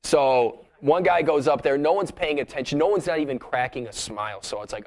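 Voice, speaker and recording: A man's voice: fairly high pitch, fairly quick. A male host interviewing a comedian, joking along and laughing often. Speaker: show host. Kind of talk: casual interview chat.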